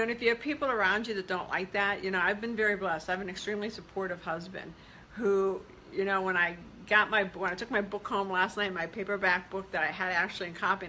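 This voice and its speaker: A woman self-help vlogger speaks casually and candidly to her audience, mixing blunt asides with encouragement. Her voice sits mid-range and sounds bright and forceful. There is a faint hiss behind her. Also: mid-range voice, rough recording. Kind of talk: casual motivational talk to camera.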